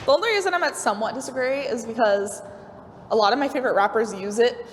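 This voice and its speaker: A woman's voice: a little high, lively intonation, fast talker. A woman speaking candidly in a casual group discussion on a panel. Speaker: panel participant. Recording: roomy reverb with faint ambient noise.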